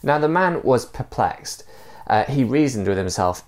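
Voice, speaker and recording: A man's voice: on the low side, lively intonation, moderate pace, a little mellow. A man preaching a sermon in a conversational way, telling a fable with frequent fillers. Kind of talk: sermon with storytelling.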